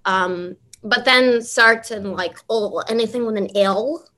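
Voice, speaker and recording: A woman's voice: on the high side, takes it slowly, sharp tone. A woman, an actress on a panel, answering casually. She rambles and restarts, and acts out voices as she explains.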